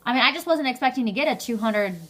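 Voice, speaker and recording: A young woman with a fairly high voice talks straight to the camera as a vlogger. She chats casually and tells her story with lots of animation, slipping in the occasional swear word. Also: expressive, fast talker, a bit bright. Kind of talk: casual chat.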